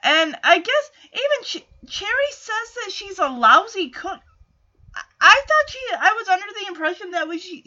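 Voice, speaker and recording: A woman's voice: very high-pitched, sharp tone, lo-fi sound. A woman in a casual, chatty recap of a TV episode. She acts out the characters' lines as she goes, with lots of "like" and side comments. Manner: chatty, quotes characters, frequent "like" and asides.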